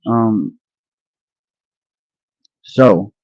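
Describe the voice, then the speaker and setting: A man's voice: lowish voice, measured pace, dark tone, no room sound. Man rambling to his livestream viewers. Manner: rambling, addresses viewers directly. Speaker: livestream host. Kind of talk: casual live-stream chat. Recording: dull lo-fi dry sound.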